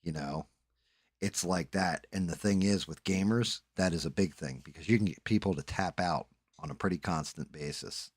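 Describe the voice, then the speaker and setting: A man's voice: low voice, normal speed, husky, no room sound. A man hosting a livestream, telling a rambling, profane gaming story in a laid-back way. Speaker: livestream host. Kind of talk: casual storytelling chat.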